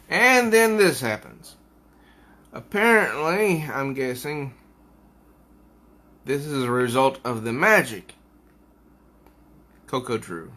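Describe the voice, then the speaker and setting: A man reviews a comic book in a relaxed, unhurried way and reads passages aloud as he goes. His voice is bright and forward, and he often pauses to think mid-sentence. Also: medium pitch. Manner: unhurried, musing, with hesitations.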